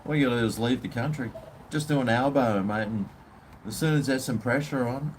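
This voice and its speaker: A man's voice: mid-range voice, a little fast, slight background noise. A man with an Australian accent, ranting bluntly and swearing as he chats casually with viewers on his livestream. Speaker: live stream host.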